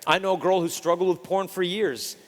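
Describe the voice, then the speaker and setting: A man giving a live talk as a Catholic speaker, telling lively stories and acting out the quotes. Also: sits high, fairly quick, in a large hall. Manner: animated storyteller acting out quotes.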